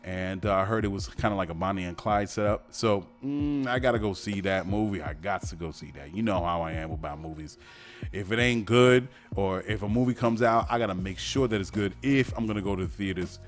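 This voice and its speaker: A man's voice: deep voice, a little fast, soft background music. A man hosting a casual radio show, rambling and joking with plenty of fillers and restarts. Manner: breaks into silly mock-French voices. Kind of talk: casual podcast monologue.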